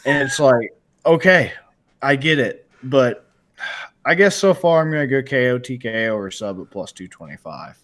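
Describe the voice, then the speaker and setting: A man's voice: medium pitch, lively intonation, moderate pace, fairly bright tone. A young man co-hosting a fight betting podcast, rambling, jokey and profane. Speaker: podcast co-host. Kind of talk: casual betting chat.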